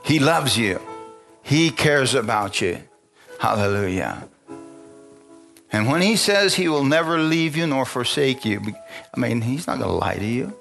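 A man's voice: mid-range voice, animated, a little slow, creaky, pauses often, a bit bright. Guy preaching a sermon, keeps asking for amens, laughs a lot, faint music behind. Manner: call-and-response preaching with frequent amens; conversational and chuckling. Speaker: pastor.

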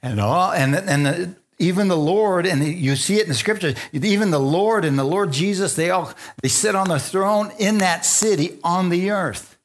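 Lively preaching man, fairly high voice. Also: moderate pace, few pauses. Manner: lively, call-and-response preaching with frequent amens. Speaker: pastor. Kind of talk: sermon.

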